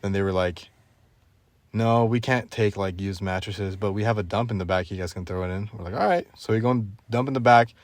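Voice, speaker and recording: A young man hosting a casual podcast, telling a story in an animated way and laughing often. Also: on the low side, a little fast, no echo. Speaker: podcast host. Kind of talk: casual chat.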